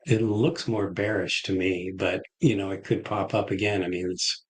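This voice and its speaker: A man co-hosting a live trading show, calmly commenting on charts. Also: sits low, moderate pace, slightly rough, poor audio.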